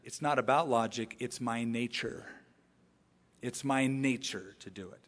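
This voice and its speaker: A man voicing a sly, scheming scorpion in a fable told from the pulpit, with a smooth, persuasive manner. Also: medium pitch, a little slow, fairly bright tone, voice pushed down, lightly acted. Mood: matter-of-fact. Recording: echoey hall reverb.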